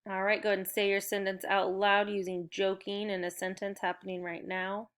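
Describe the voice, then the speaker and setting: A woman teaching a recorded phonics and spelling lesson to young children, speaking slowly and clearly with encouragement. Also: medium pitch, little pitch movement, a bit bright.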